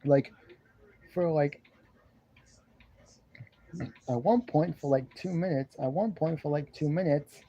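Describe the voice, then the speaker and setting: A man casually reviewing a wrestling show from his love seat at home, rambling and repeating himself while he clears a congested throat. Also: a little high, takes it slowly, pauses often, dark tone, dull audio, a little hiss or hum. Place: living room at home, seated on a love seat. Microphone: camera in front of him.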